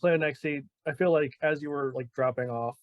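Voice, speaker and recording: A man running a tabletop game as game master, enthusiastic and quick to laugh. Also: a little high, lo-fi sound, a little hiss or hum.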